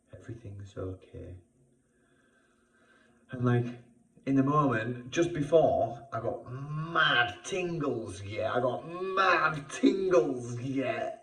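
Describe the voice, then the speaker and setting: British man, personal vlog, slow halting delivery, repeats himself, echoey room, mic at a distance. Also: mid-range voice. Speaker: vlogger. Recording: roomy sound, far from the mic.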